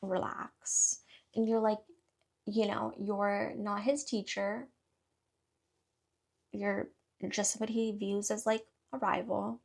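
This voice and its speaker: A woman beauty vlogger chats casually through a get-ready-with-me video, wandering from thought to thought with plenty of fillers. Her voice sits at an ordinary middle pitch for a woman. It often settles into a gravelly, fry-laden texture. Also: level tone, takes it slowly, pauses often, darkish tone. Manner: rambling, filler-heavy, chatty.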